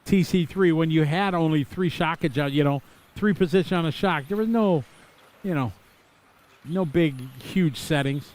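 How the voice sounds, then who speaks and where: A middle-aged man from Wisconsin calls a live race in a somewhat high-pitched voice. He drifts into chatty, nostalgic asides between the position updates, then snaps back to the running order. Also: normal speed, darkish tone. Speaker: race commentator.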